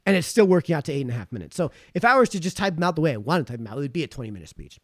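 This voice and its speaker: A livestream host with a fairly high voice talks very fast, reading out viewer comments and rambling animatedly in between. His throat sounds sore from hours of talking. The audio is close and dry, with no room echo.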